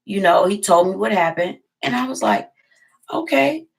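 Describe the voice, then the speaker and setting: A woman with a gravelly, creaky texture and a somewhat low voice. She tells a personal story to the camera in a casual, emphatic vlogging style and leans on repeated phrases to drive her points home. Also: a little fast.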